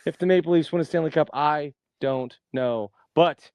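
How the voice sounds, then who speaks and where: A man's voice: on the high side, normal speed, darkish tone, no room sound. Playful storytelling man. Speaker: podcast co-host. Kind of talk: casual chat.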